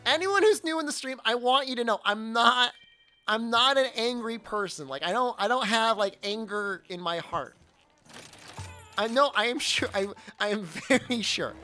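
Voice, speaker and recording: A game streamer rants to their chat in a bright, sharp voice that swings widely in pitch. The tone is mock-angry and keeps breaking into laughter. Faint game music plays underneath. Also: moderate pace. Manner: animated, mock-angry ranting with frequent laughs. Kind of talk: casual live-stream chat.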